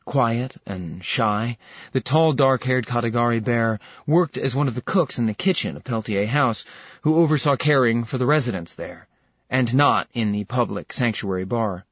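A man narrates an audiobook in a measured, steady manner, his voice husky and middle-pitched. The recording is dry and dull, slightly lo-fi. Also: no echo. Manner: measured storytelling. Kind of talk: scripted narration.

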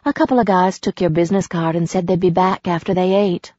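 A chirpy young street artist calls over in a raised, higher voice, as a woman reader puts her on. The sound is dull and dry. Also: fairly even intonation, a little fast, mellow, no room sound, lightly acted.

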